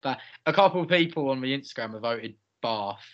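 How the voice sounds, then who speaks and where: A man's voice: medium pitch, expressive, fairly quick. Teasing man, dull lo-fi sound. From London area. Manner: teasing, self-mocking, reads audience replies. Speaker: podcast co-host. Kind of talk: casual chat.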